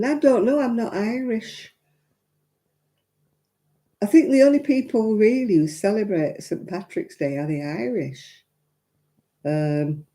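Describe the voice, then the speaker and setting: A woman's voice: deep voice, mellow. An English woman hosting a live crafting stream, talking frankly and laughing often as she answers viewers' comments. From England. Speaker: crafting livestream host. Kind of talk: chatty livestream talk.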